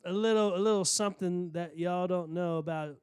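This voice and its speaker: Male podcast host, high smooth voice, dry close sound, casual and profane, stumbling delivery. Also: a little fast, a little mellow, no room sound. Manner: loose, profane, stumbles and repeats words. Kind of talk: casual chat. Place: studio.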